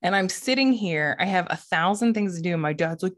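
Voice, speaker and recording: A woman's voice: on the low side, fairly quick, hardly any pauses. A woman in her forties, a podcast co-host, telling candid, profane stories in casual chat. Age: 40s. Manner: candid, profane storytelling with laughs.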